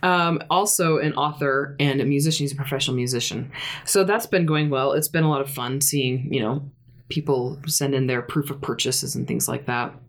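A woman's voice: extremely low pitch, moderate pace. Chatty woman co-hosting a podcast. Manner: chatty, laughs often. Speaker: podcast co-host. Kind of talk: casual chat.

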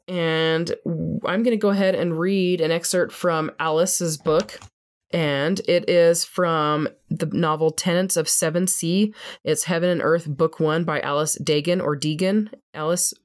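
A woman's voice: sits low, fairly even intonation, normal speed. A woman co-hosting a podcast, chatty and self-deprecating, laughing often. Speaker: podcast co-host. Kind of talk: casual podcast chat and book reading.

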